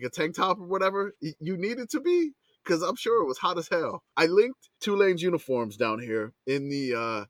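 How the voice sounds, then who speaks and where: A man hosting a casual podcast chat, excitable, swearing and laughing as he talks. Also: mid-range voice, dry recording. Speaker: podcast host.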